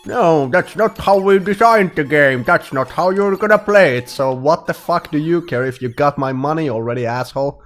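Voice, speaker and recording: A man's voice: a little high, moderate pace, hardly any pauses, faint music behind, natural voice. A man voicing a smug male game developer who lectures players on how to use what they bought. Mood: condescending.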